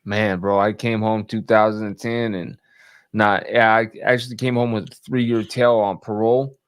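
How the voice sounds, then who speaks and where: A man in casual conversation, speaking slowly and plainly with frequent restarts and fillers. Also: fairly low pitch, flat delivery, clean tone, no echo, studio quality. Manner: slow, halting, plainspoken, many restarts. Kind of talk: casual conversation about life after prison.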